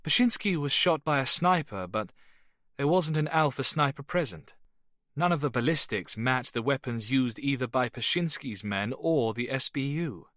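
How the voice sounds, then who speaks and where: A man reading an audiobook voices a composed officer who briefs in a brisk, matter-of-fact way. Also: medium pitch, animated, fairly bright tone, no room sound, studio quality, voice pushed up, natural voice.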